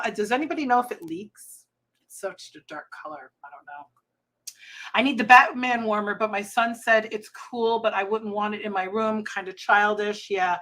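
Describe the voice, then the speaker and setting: A chatty woman in her forties hosts a casual livestream from home, rambling from one story to the next with frequent laughs. Her voice sits a touch high and sounds bright and forceful. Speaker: Scentsy consultant and channel host.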